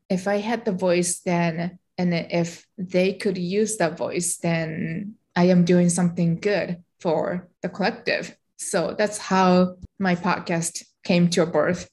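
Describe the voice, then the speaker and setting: A woman's voice: on the low side, a little mellow. A middle-aged woman with a Japanese accent, speaking English as her second language. She is a guest in an interview and tells her story in a reflective way, with frequent fillers and light laughter. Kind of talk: interview conversation.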